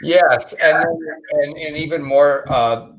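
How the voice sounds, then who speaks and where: A man co-hosting a podcast who chats in a relaxed way and often chimes in to agree. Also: on the high side, slow pace, slight background noise, poor audio. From Texas. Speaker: podcast co-host. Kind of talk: casual news chat.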